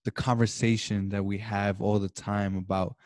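A man's voice: lowish voice, level tone, moderate pace, a little mellow, dry recording, studio quality. A young man, a podcast co-host, on a video call, ranting with mock passion and a lot of swearing. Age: young adult. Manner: dramatic mock-passionate rants, heavy swearing. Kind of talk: casual chat over video call.

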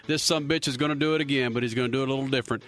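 A man's voice: mid-range voice, steady tone, racing, fairly bright tone. A man hosting a motorsport radio show, brash and joking, with lots of banter. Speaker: radio host. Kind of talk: loud casual radio talk.

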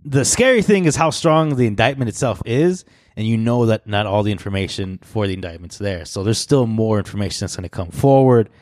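A man's voice: on the low side, expressive, a little fast, dry recording, studio quality. A man co-hosting a podcast, chatting loosely with a friend, swearing and laughing often. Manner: loose, laughing, profane banter with bursts of mock shouting. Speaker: podcast co-host. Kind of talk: casual chat.

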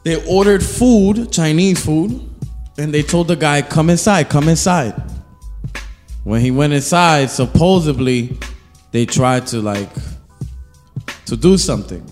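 A man's voice: fairly high pitch, lively intonation, unhurried, darkish tone, faint music behind. Joking male podcast co-host, reverby. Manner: storytelling, loose and joking. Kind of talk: casual chat.

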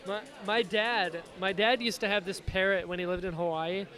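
A man's voice: sits high, fairly even intonation, normal speed, bright, forceful tone, soft background music. A man hosting a casual podcast interview, easygoing, laughing often and egging his guest on. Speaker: podcast host. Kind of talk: casual chat.

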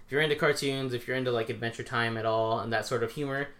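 A young man co-hosting a podcast, telling stories in a lively, casual way with offhand swearing. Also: medium pitch, quick pace. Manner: animated storytelling, swearing casually. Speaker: podcast co-host. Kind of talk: casual chat.

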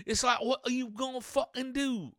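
A podcast host adopts a fake British accent and launches into an irritated, rambling solo rant full of slang and heavy swearing, playing an irritable mock-British persona. His voice is pitched extremely high, above his natural register, sounding pushed and bright with fairly even intonation at a moderate pace. The studio recording is clean, with no room sound.

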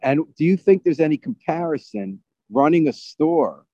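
A man's voice: on the high side, expressive, moderate pace, dark tone, no echo. A man interviewing a guest for radio, asking curious, conversational questions. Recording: dull, dry sound.

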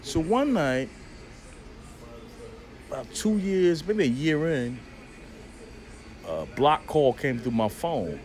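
Man, podcast guest, casual storytelling, lively swinging pitch, slightly high voice, profane, acts out quotes. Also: slow, long pauses. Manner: animated, profane, acts out dialogue.

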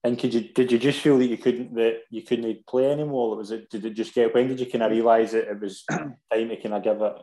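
Mellow-voiced male interviewer. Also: medium pitch, steady tone, brisk, poor audio. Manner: brief backchannel, hesitant questions. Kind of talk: casual interview.

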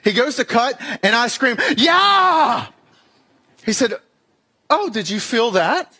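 A man's voice: very high-pitched, lively intonation, moderate pace, bright, forceful tone. A young man telling a comic personal story in a talk, acting out the dialogue and making sound effects. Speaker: speaker giving a weekly message.

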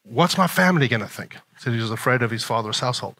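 A male pastor preaching a sermon in an animated way, often chuckling. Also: mid-range voice, fast talker.

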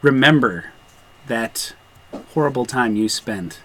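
A man narrating a tabletop game as game master, playful and halting, with many fillers. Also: medium pitch, animated, fairly bright tone, slight background noise, poor audio.

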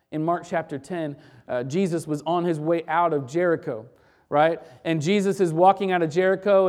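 A pastor delivers a sermon in a mid-range voice. The delivery swings widely, from loud, emphatic peaks to soft, hushed lines. It is earnest and built to carry a congregation. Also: medium pitch. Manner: dynamic, swinging between loud emphatic bursts and quiet hushed passages.

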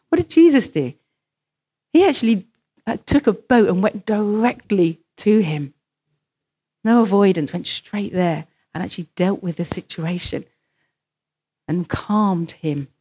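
A woman's voice: mid-range voice, lively intonation, unhurried, long pauses, warm tone, husky. A woman preaching a sermon in church, telling stories and acting out the voices of the people in them. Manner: storytelling, acts out quoted voices.

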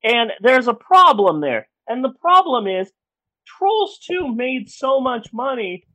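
Podcast co-host, woman, swearing, fired-up rant delivery, very lively pitch. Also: slow, rough recording. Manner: angry, profane ranting.

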